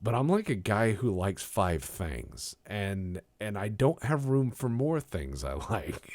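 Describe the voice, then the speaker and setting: Animated low-voiced man, bone-dry sound. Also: slow pace, hardly any pauses, no echo. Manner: animated, rambling, self-mocking. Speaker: podcast co-host. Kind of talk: casual chat while playing a game.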